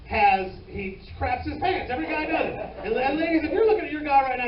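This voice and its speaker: A man with a Southern US accent doing a crude stand-up comedy set on a comedy club stage, drawling his punchlines loudly. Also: very high-pitched, animated, fast, heavy background noise. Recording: distant, roomy, dull club recording.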